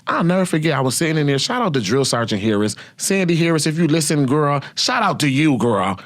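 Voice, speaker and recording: Animated man telling raw stories. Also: a little high, a little fast, no room sound. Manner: animated, profane, laughs often. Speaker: podcast host. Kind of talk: casual storytelling.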